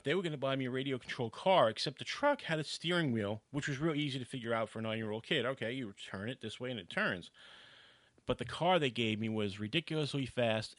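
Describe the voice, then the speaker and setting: A man from New York tells a story in casual chat, animated and full of asides. His voice is bright and forceful, and the sound is dry and close with no room in it. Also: mid-range voice, no room sound. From New York, USA.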